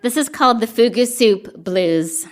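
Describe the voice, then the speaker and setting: A woman's voice: on the high side, measured pace. A woman poet at a live reading, reading poems and telling self-deprecating stories between them, laughing and chatty, with many fillers. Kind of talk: poetry reading with spoken storytelling between poems.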